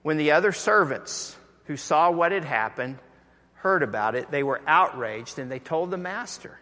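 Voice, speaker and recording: A pastor preaching a sermon, telling stories animatedly and acting out the voices of the people in them. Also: male voice, fairly high pitch, lively intonation, moderate pace, sharp tone. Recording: echoey hall.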